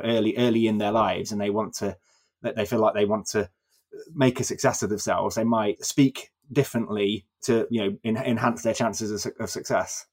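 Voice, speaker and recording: A man hosting a podcast, asking conversational questions with some hesitation. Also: lowish voice. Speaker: podcast host. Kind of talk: podcast interview.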